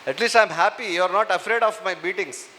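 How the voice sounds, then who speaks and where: A man's voice: high-pitched, a little fast, pushed and bright, slight background noise. A man with an Indian English accent, a police officer giving a motivational talk to students. He teases and coaxes the audience as he talks. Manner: teasing, coaxing the audience. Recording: echoey hall.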